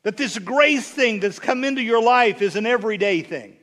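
A man with a high, bright, ringing voice preaches with a drawl. He rambles through funny stories, then punches his points home in loud, rising bursts. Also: expressive, moderate pace. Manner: folksy, humorous storytelling with rising emphatic bursts. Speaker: bishop preaching. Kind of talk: sermon.

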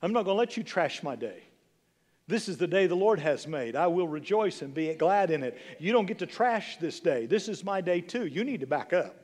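A man's voice: sits high, big pitch swings, normal speed, darkish tone, big-room sound. A man in his sixties preaching a sermon as pastor, emphatic, with repeated phrases and rhetorical questions to the congregation. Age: 60s. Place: church sanctuary.

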